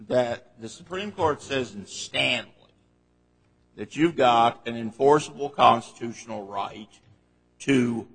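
A man's voice: mid-range voice, creaky, a bit bright, breathy edge, in a large hall, poor audio. A man presiding as an appellate judge, pressing counsel with pointed, probing questions during oral argument in a large courtroom.

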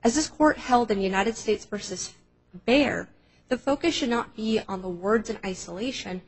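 Husky-voiced woman arguing in court. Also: a little high, low-quality recording. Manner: measured, structured legal argument. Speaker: appellate government counsel. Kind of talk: formal courtroom oral argument.

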